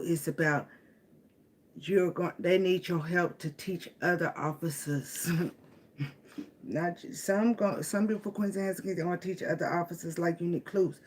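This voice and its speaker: A woman's voice: fairly low pitch, normal speed, a little mellow. A woman with giving a casual tarot reading. She speaks with emotion, laughs often and repeats phrases. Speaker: tarot reader.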